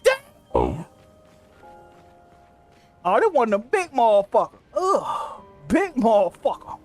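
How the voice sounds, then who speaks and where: A young man streaming from his room, telling stories in casual, profane, animated chat. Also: high voice, slow pace, soft background music. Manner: animated, profane storytelling with frequent laughs. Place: home room.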